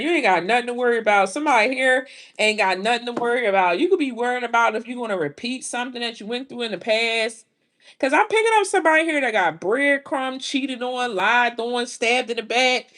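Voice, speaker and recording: Woman, casual tarot reading, exclaiming, high-pitched. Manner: animated, exclaiming, drawn-out reactions. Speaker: tarot reader.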